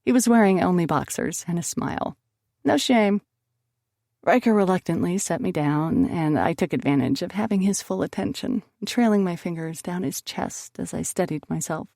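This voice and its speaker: A woman's voice: on the low side, normal speed, creaky, a little mellow, no echo, clean studio sound. A woman narrating a first-person romance audiobook expressively, lifting her voice on emotional lines.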